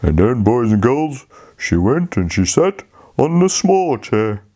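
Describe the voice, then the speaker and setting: Guy reading a kids story, slow and sing-songy, talks to the kids. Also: mid-range voice. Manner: slow, lively, talks to the children. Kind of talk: children's storytelling.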